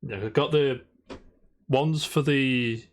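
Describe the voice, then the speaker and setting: A man's voice: medium pitch, slow. A man co-hosting a casual podcast, telling a long rambling story and swearing constantly. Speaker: podcast co-host. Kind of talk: casual chat.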